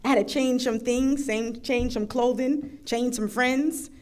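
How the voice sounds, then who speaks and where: A woman's voice: fairly high pitch, fairly even intonation, a little slow, darkish tone. A woman in her thirties from the United States giving an earnest, emphatic personal testimony as a panel speaker. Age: 30s. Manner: earnest, emphatic, building to passionate intensity.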